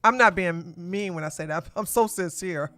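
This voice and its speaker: A woman hosting a live political commentary stream, animated and sarcastic, exclaiming and talking to her chat. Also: fairly low pitch, normal speed, soft background music. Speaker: podcast host.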